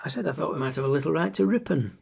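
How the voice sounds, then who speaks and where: A middle-aged man, recounting in a flat, deadpan way in a scripted dramatic monologue. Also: a little high, rapid-fire, gravelly, breathy edge, heavily acted. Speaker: actor in a monologue. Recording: dull lo-fi recording.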